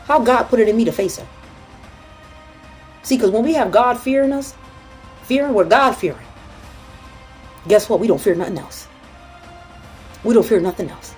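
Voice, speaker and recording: A woman's voice: on the high side, expressive, normal speed, long pauses, a little mellow, faint music behind. A woman hosting a casual motivational talk, blunt and profane as she tells stories to her audience.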